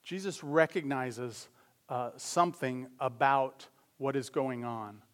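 A man preaching a sermon as pastor, talking conversationally with quick asides and self-corrections. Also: medium pitch. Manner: acts out voices in anecdotes.

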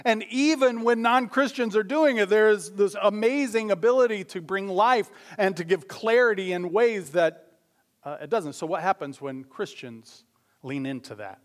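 A man preaching a sermon as pastor, talking conversationally with quick asides and self-corrections. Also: high-pitched. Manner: acts out voices in anecdotes.

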